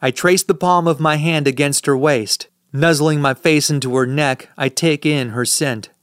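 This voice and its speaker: A man's voice: a little high, fairly even intonation, normal speed, clean tone, no echo. A man narrating a first-person audiobook in a dry, sardonic manner, recorded on a close studio mic.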